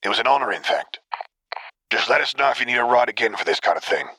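A man's voice: medium pitch, expressive, quick pace, sharp tone, slightly rough, no echo, pitched above the performer's own voice. A man reading the part of a friendly, mischievous male soldier in an audiobook. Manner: eager and mischievous.

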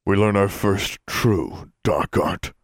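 Male narrator doing a commanding older boy, lowered, scornful, dry. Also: fairly even intonation, a little fast, a little mellow, no echo. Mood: contemptuous. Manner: contemptuous, commanding. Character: cold contemptuous older student society leader.

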